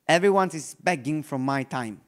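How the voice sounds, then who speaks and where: An investor from Italy, expressive and speaking with an accent, gives a conference talk. His voice is a little high for a man, his English loose with many restarts, and he drops to a slow, hushed delivery for effect.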